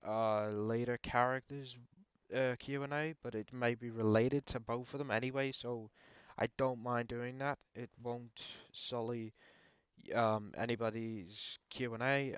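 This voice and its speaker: A young man hosting his own channel, answering viewer questions in casual opinion talk, pausing often with ums and restarting his sentences. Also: medium pitch, smooth, no echo. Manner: hesitant, frequent ums and restarts.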